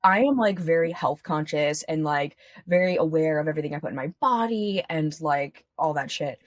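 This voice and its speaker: A woman's voice: low voice, moderate pace, no echo. A woman talking candidly as a podcast guest, chatty and full of fillers, swearing freely. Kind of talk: casual podcast conversation.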